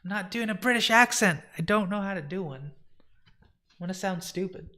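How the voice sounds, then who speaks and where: A man's voice: high voice, animated, a little fast, pushed and bright. A man reading comics aloud on a live stream, making chatty self-deprecating asides.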